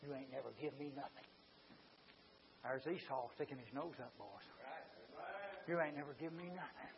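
A man preaching a revival sermon, swinging from hushed talk to shouted exclamations. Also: a little high, slight background noise. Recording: dull lo-fi sound.

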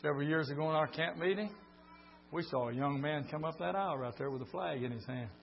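An older man preaching a sermon, telling folksy stories and swinging from quiet talk to shouts. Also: a little high, fast talker, vocal fry. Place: church meeting. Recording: dull lo-fi recording with mains hum.

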